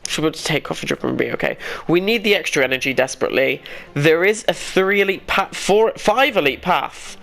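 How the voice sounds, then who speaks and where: A man's voice: a little high, animated, brisk, vocal fry, sharp tone. A man giving casual let's-play commentary, thinking aloud as he plays and poking fun at himself now and then. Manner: thinks aloud, rambling and self-deprecating. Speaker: gaming YouTuber.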